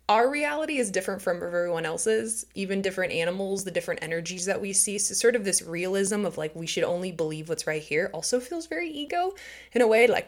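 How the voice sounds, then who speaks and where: A woman hosting a podcast, talking casually and reflectively about spirituality, filling her speech with "like" and "right?" and acting out the inner voices she quotes. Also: medium pitch. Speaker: podcast host.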